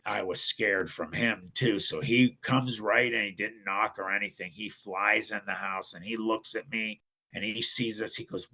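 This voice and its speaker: Gravelly middle-aged man telling a story. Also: low-pitched, measured pace. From Ohio, United States. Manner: animated, acts out others' voices. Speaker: guest. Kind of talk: casual storytelling.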